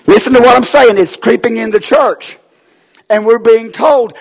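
A preacher delivers an impassioned sermon, his voice climbing into shouted bursts. He speaks unusually high for a man, with a gravelly, husky edge. The sound rings out with the long reverb of a church sanctuary. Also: moderate pace. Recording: long echoing hall reverb.

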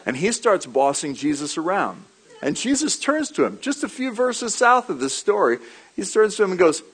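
A man preaching a sermon, telling animated stories, laughing briefly and repeating his key lines. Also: high voice, normal speed, poor audio.

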